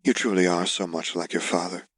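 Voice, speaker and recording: Male reader as a gentle aunt, quiet soft delivery, deep voice. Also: moderate pace, breathy edge, no echo. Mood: tender, sad. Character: gentle, sad, proud middle-aged aunt.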